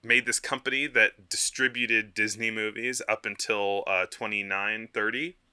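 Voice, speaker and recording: A man's voice: fairly low pitch, steady tone, moderate pace, sharp tone, smooth. A man co-hosting a film history podcast, talking casually with many fillers and frequent laughs. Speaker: podcast co-host.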